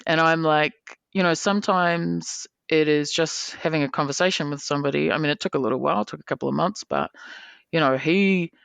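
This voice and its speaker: A woman tells a long story as a podcast guest, with a gravelly, fry-edged voice. She talks casually and acts out the people she quotes in lively bursts. The sound is dry and close, with no room echo. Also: low voice, a little fast. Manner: animated, swearing freely, acting out quoted people.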